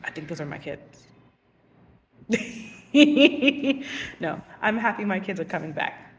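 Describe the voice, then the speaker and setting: A young woman teacher telling casual vlog stories, animated and giggly, acting out voices. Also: medium pitch, slow, big-room sound, distant mic, a little hiss or hum.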